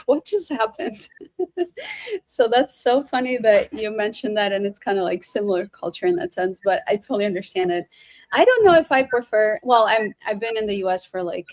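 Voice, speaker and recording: A woman from Albania hosting a casual podcast interview, friendly and quick to chime in with short replies. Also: mid-range voice, darkish tone. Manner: friendly, quick to laugh along, many short backchannels. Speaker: podcast host, recruiter.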